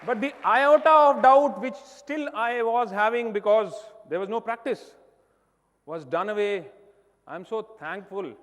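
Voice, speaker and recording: High-voiced Indian man telling a story on stage. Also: a little slow, a faint crowd. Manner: emphatic storytelling, swings between loud and soft. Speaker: keynote speaker. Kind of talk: motivational stage talk. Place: large hall on stage. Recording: long reverb of a large hall.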